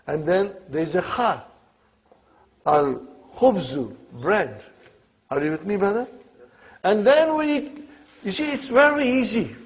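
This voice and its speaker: A man's voice: high-pitched, husky, lo-fi sound. A man teaching an Arabic class in a classroom, drilling pronunciation and often checking that students follow. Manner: repeats words slowly to drill pronunciation. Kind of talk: classroom lesson.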